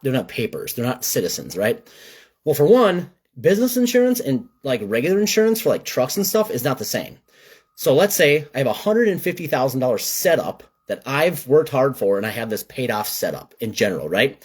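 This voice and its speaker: A man from Minnesota talks straight to the camera in a casual vlog. His speech is blunt and conversational, with an animated, ranting edge. His voice sits at an ordinary middle pitch for a man. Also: fairly quick. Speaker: gutter business owner.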